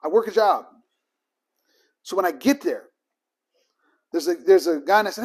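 A man's voice: high-pitched, normal speed, long pauses. A man teaching a ministry training group in a casual, emphatic way, acting out both sides of the conversations in his stories.

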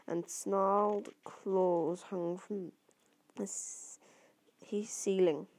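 A woman's voice: mid-range voice, steady tone, very slow, a little mellow. A woman doing an amateur audiobook reading, stumbling over words and restarting now and then. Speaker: reader.

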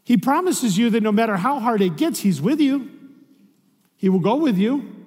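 A man's voice: high-pitched, a little mellow, in a large hall. A man preaching a sermon as a pastor, in a conversational way, often asking rhetorical questions.

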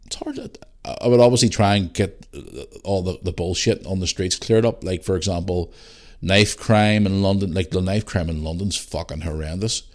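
A middle-aged man with a Northern Irish accent hosting his own podcast alone, ranting bluntly with lots of swearing and tired from a rough day. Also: low-pitched, normal speed, a little mellow. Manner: blunt and sweary, rambling rants. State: tired, yawning. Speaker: podcast host. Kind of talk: casual solo podcast chat.

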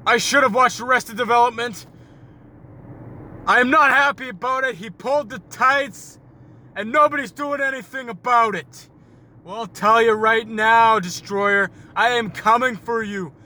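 A man's voice: extremely high pitch, measured pace, pushed and bright, pitched above the performer's own voice, heavily acted. A man voicing a boastful 1980s pro wrestler cutting a promo, with grandiose, bellowing trash talk, recorded while driving a car. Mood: blustering. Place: inside a moving car. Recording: car road noise behind.

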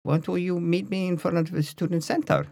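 An eager, very tall young woman speaking in a Dutch accent, as a man puts her on. The voice sits well above his own and comes across softer than his normal talk. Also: high voice, level tone, brisk, vocal fry, dry recording, studio quality, pitched above the performer's own voice. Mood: sweetly inviting. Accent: Dutch, put on.

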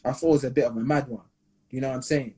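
A young man co-hosting a casual podcast, talking in animated slang and laughing often. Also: medium pitch, rapid-fire, breathy edge. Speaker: podcast co-host.

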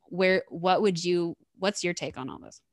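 A woman's voice: fairly low pitch, normal speed, dry recording, clean studio sound. A woman hosting a podcast, talking about her own experience in a casual, earnest way, with lots of repeated words. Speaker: podcast host.

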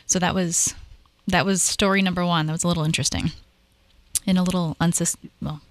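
A woman, likely in her thirties, telling paranormal stories in a casual, animated conversation, talking in quick bursts with fillers. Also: on the low side. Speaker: paranormal investigator, guest.

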